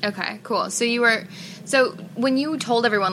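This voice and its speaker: A young woman hosting a casual interview, playful and quick to act out quotes and laugh. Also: mid-range voice, animated, bright, forceful tone, slight background noise. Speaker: host.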